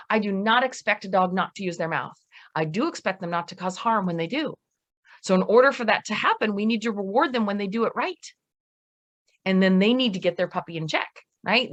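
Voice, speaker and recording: A middle-aged woman, a dog trainer giving a seminar lecture, lively and emphatic, speeding up when she gets going. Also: mid-range voice. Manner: lively, emphatic, talks fast at times.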